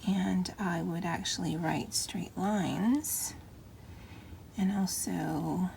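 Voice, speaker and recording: A middle-aged woman chatting softly and often half-whispering as she decorates her planner, with a Valley Girl lilt. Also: fairly low pitch, steady tone, drawn-out words, creaky, a little hiss or hum. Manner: soft, often half-whispered, self-deprecating. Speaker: planner vlogger. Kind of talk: casual crafting chat.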